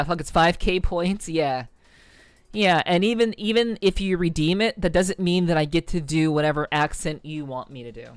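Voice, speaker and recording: A woman's voice: deep voice, clear, resonant tone, dry recording. A young woman live streamer in casual chat with her viewers, rambling with frequent restarts.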